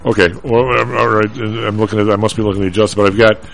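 A man's voice: lowish voice, steady tone, fast, gravelly, fairly bright tone, soft background music, rough recording. A man hosting a radio talk show about markets, thinking aloud as he reads figures and stumbles over the data.

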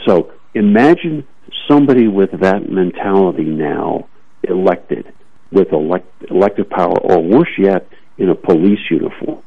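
A man's voice: low voice, lively intonation, moderate pace, gravelly. A man giving emphatic, opinionated commentary on talk radio, often repeating words as he starts a thought, heard over a tinny phone-like line.

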